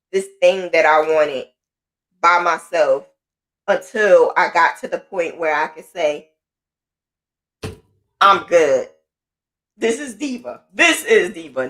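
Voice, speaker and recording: Woman, podcast host, lowish voice, casual storytelling, emphatic, repeats phrases. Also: a bit bright.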